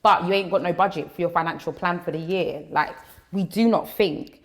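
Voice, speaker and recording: Outspoken woman, low voice, bold and candid podcast guest. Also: steady tone. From Ghana. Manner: bold, outspoken, quick asides. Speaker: guest speaker.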